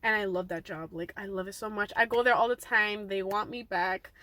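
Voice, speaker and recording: A woman's voice: mid-range voice, fairly even intonation, a little fast, pushed and bright, dry recording. A young woman telling a rambling, chatty story-time vlog, full of fillers and tossing in Spanish words. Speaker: vlogger.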